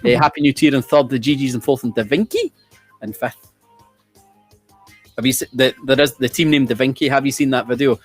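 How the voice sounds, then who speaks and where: A man's voice: mid-range voice, steady tone, a little fast, long pauses, soft background music. Chatty man hosting a quiz. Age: around 40. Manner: chatty, sweary, trailing restarts. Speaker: quiz host. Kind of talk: casual quiz-show banter.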